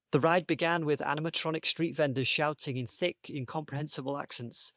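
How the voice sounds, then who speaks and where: Man, podcast panelist, playful story reading, higher voice, dry close mic. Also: fairly bright tone, dry recording. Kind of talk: reading a comic story aloud.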